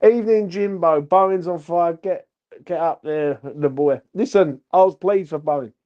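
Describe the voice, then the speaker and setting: In a muffled recording, a slightly high-voiced man speaks at a moderate pace while hosting a football fan channel's post-match reaction vlog. He's drunk, rambling and cursing, and keeps tossing in "do you know what I mean."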